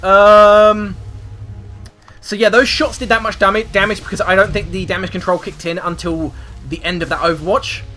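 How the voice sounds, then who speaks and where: A man hosting a gaming video, swinging between loud swearing outbursts and rambling explanations as he plays. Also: high-pitched, steady tone, normal speed, soft background music. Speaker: gaming channel host. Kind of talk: excitable gameplay commentary.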